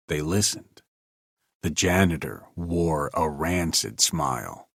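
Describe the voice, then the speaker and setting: A man narrating an old-time radio style story with expressive storytelling. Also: deep voice, takes it slowly, breathy edge, dry recording, clean studio sound.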